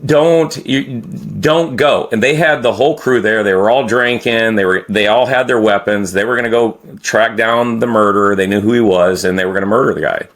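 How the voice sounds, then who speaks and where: A man's voice: on the low side, brisk, few pauses, fairly bright tone. A middle-aged man telling a story to podcast hosts in a rambling, profane way, stopping and restarting often. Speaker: podcast guest. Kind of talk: casual storytelling.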